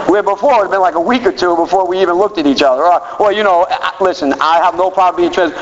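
A man in his fifties giving an animated, self-mocking personal talk as a recovery speaker. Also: sits high, quick pace, few pauses. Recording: distant hall, dull and noisy.

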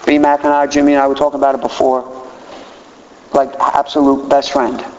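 A man in his fifties giving an animated, self-mocking personal talk as a recovery speaker. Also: mid-range voice, moderate pace. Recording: distant hall, dull and noisy.

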